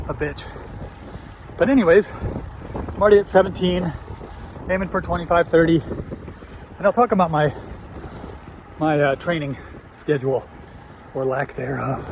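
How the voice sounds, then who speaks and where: Guy in his 50s talking on a bike ride outdoors, kinda high voice, faint noise behind, swears a lot, out of breath sometimes. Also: moderate pace, long pauses. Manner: casual, chatty, swears freely. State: out of breath at times. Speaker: vlogger. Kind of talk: casual chat while cycling. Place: outdoors on a country road.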